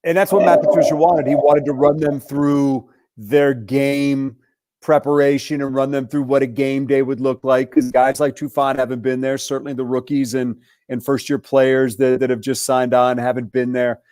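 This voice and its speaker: A man hosting a casual sports radio talk show, upbeat and teasing with quick asides. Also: medium pitch, little pitch movement, dark tone, no echo, studio quality. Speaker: radio play-by-play voice and show host.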